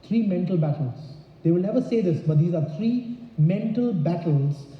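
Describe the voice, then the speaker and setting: High-voiced man training in an echoey hall. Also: expressive, normal speed, distant mic. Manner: emphatic, throws rhetorical questions at the audience. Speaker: insurance sales trainer. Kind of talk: seminar talk to an audience. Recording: echoey dull hall recording.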